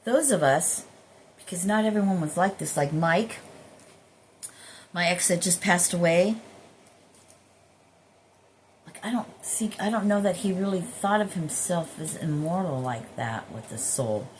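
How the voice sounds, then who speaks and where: A woman with a fairly low voice talks casually at home about spiritual things, rambling and swearing as she goes. A faint hum of room noise sits under her voice. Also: normal speed. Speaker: spiritual healer vlogger. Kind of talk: casual spiritual musing to camera.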